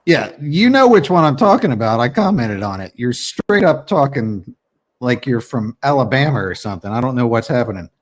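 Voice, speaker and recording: A man's voice: medium pitch, big pitch swings, moderate pace. A man co-hosting a podcast in casual chat, teasing his co-host with profane banter.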